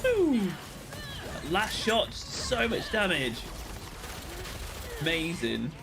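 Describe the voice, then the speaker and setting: A British man chatting casually with viewers while streaming a game, with excited outbursts at the action. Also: medium pitch, moderate pace, over music. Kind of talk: casual live-stream chat while playing.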